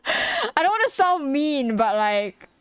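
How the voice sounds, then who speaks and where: A woman's voice: high voice, big pitch swings, takes it slowly, no echo. A young woman streaming while she draws, chatting bluntly and casually with her viewers and laughing often. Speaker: streamer and artist. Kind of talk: casual livestream chat while drawing.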